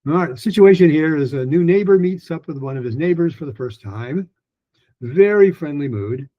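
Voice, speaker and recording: A man teaching a pronunciation lesson in a loose, rambling way, with many restarts, fillers and slowly modeled phrases. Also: fairly high pitch, lively intonation, lo-fi sound. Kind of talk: recorded lesson talk.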